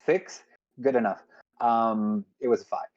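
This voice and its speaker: A man running a tabletop game as game master, relaxed and repeating words as he narrates, on dull lo-fi audio. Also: medium pitch, measured pace.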